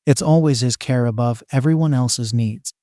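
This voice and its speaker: Man reading a young woman, nervous, awkward, rambling thoughts, medium pitch, storybook reading. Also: normal speed, warm tone, dry recording, studio quality, lightly acted. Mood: musing. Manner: hesitant, rambling inner thoughts.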